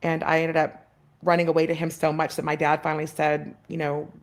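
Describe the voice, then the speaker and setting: Woman guest, 30s, lower voice, heartfelt storyteller, restarts often. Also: completely flat delivery, fairly quick. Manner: heartfelt, many fillers and restarts, acts out voices in her story. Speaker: podcast guest. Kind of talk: personal storytelling.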